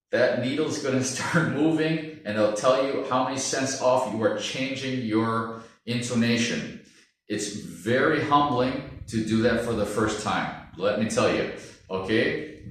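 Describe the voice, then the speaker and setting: A man teaching strings, talking casually and checking in with his listeners as he explains. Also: medium pitch. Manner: relaxed, chatty, checks in with "okay?" and "yeah?". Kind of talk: casual instructional talk to camera. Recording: very echoey room, mic at a distance.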